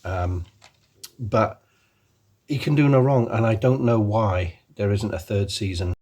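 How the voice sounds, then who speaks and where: A man's voice: on the low side, measured pace, darkish tone. A man hosting his own channel, chatting casually and enthusiastically, rambling with many ums and restarts. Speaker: channel host. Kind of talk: casual chat.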